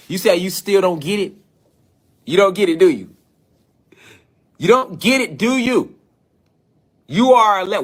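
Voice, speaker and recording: A man teaches his livestream audience in a preachy, emphatic way, throwing out rhetorical questions. His voice sits a little higher than most men's.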